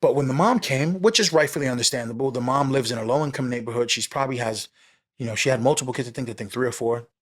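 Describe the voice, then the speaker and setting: A former police officer from New York City tells a story as a podcast guest, talking fast in a medium-pitched voice. He's animated and casual, sprinkling in "right?", "you know" and the occasional swear word.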